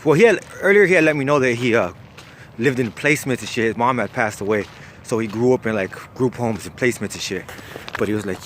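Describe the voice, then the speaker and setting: A man's voice: mid-range voice, quick pace, slight background noise. A young man, casually telling a wild story, slangy and profane. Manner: profane, slangy, lively, laughs at his own story.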